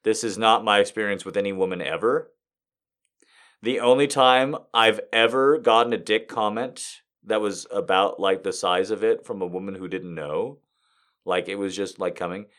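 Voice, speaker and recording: A man's voice: fairly low pitch, normal speed, fairly bright tone. Rambling man reading and joking. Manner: rambling, laughs a lot, mock-exasperated. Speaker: reader and commentator. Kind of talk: comedic reading with commentary.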